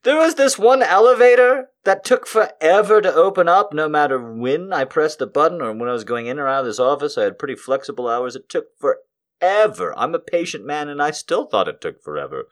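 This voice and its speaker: A man's voice: fairly high pitch, animated, a little fast. A man hosting a podcast, delivering a rambling, profane comedic monologue. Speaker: podcast host.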